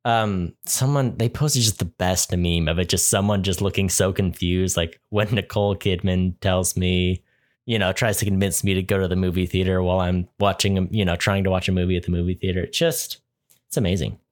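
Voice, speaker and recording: Man, young adult, low pitch, podcast co-host, casual joking chat. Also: fairly even intonation, a little fast. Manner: joking, laughs often.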